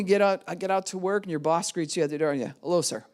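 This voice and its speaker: A middle-aged woman pastor giving a sermon, animated and acting out the voices of the people she quotes. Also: on the low side, fast, hardly any pauses. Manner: animated, acts out quoted voices of kids and adults.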